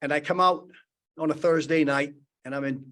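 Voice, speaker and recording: A man's voice: a little high, fairly even intonation, normal speed, fairly bright tone. A man, telling a rambling anecdote as a panelist. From Boston area. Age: 70s. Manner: rambling anecdotal talk with many restarts. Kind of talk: storytelling on a panel. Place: conference panel.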